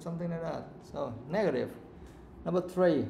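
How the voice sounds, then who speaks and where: A man's voice: fairly high pitch, expressive, normal speed, roomy sound, noisy background. A man with a Vietnamese accent teaching an English speaking lesson live, modelling intonation with exaggerated examples.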